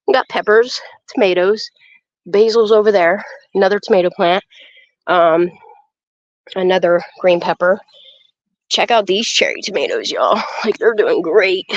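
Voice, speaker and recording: A woman giving a casual walk-and-talk garden tour outdoors, chatty and excitable, swearing freely and talking straight to her viewers through a handheld phone camera. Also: lowish voice, normal speed, dry recording. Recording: slightly dull phone audio.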